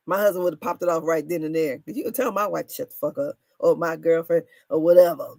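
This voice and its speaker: A woman in her thirties casually recapping reality TV drama, animated and laughing, her voice swinging between loud and soft. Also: fairly low pitch, a little fast, no room sound. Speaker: commentary show host.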